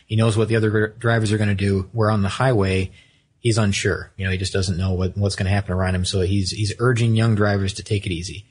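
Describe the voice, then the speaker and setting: Husky low-voiced man telling a story. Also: flat delivery, fast talker. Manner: rambling, self-correcting, reads from notes. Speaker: podcast co-host. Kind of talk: casual storytelling chat.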